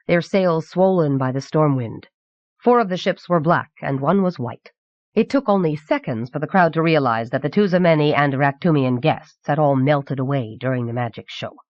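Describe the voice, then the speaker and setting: A woman reading a novel aloud as audiobook narrator in a measured, clear voice from an old cassette recording. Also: deep voice, a little mellow, dry recording. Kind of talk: scripted narration. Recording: dull 1990s cassette audiobook.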